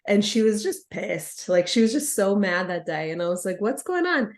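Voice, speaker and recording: A woman chiropractor telling a frank, animated story to colleagues, laughing often. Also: mid-range voice, normal speed, reverberant. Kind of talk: casual storytelling among colleagues.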